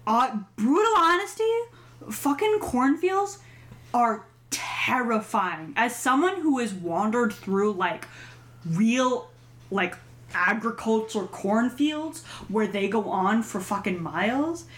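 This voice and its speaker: A woman co-hosting a horror podcast, chatting in a rambling, animated way and swearing freely. Her voice sits a bit high and swings widely in pitch. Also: slow pace. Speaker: podcast co-host. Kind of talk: casual chat.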